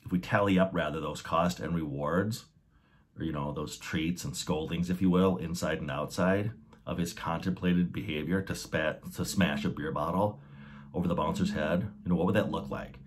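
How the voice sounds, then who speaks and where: A man's voice: sits low, steady tone, moderate pace, breathy edge. A man hosting a podcast, explaining ideas methodically and restating his key points. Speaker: podcast host.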